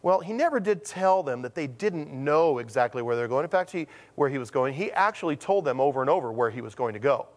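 A man preaching a sermon as a pastor, telling stories with lively acted-out quotes and slowing down to stress his main points. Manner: animated storytelling, acts out quotes with sudden pitch jumps; slows to a deliberate, emphatic delivery on key points.

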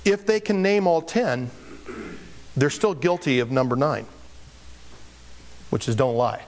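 A man preaches a sermon in a chatty, joking way, talking to his congregation as a pastor. His voice sits a little higher than most men's. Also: animated, measured pace, a little mellow, a little hiss or hum.

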